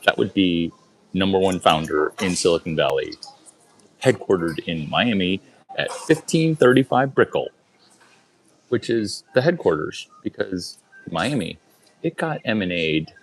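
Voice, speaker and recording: A man telling a casual story to a group in quick bursts, repeating lines and firing rhetorical questions at his listeners. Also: low-pitched, creaky, a little hiss or hum, low-quality recording.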